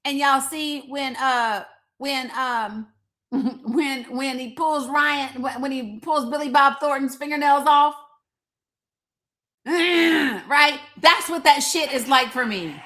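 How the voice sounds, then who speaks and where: A woman's voice: high-pitched, takes it slowly, bright, forceful tone. A woman with an East Tennessee accent hosting live political commentary, blunt, sarcastic and profane. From Northeast Tennessee. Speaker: live show host.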